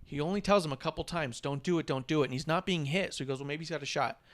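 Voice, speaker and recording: A man's voice: a little high, very fast. A man co-hosting a casual wrestling podcast, retelling matches with energy and acting out the wrestlers' lines. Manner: animated storyteller, acts out wrestlers' lines. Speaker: podcast co-host. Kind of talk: casual wrestling recap chat.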